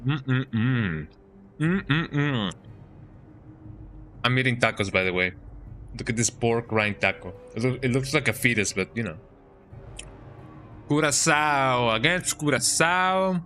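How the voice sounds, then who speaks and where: A man's voice: on the low side, brisk, bright, forceful tone. A man streaming a video game, rambling and joking in casual commentary, with lots of "eh?" and "you know".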